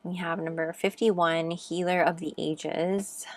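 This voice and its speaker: A young woman doing a pick-a-card tarot reading, speaking gently and encouragingly with frequent ums. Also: fairly low pitch, steady tone, slow pace, no room sound. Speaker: tarot reader.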